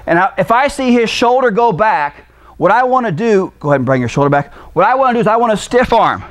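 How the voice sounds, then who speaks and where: A man's voice: sits high, animated, quick pace. A middle-aged man, a martial arts instructor, casually explaining self-defense moves while directing a partner through them in a gym. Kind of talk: demonstrating self-defense techniques.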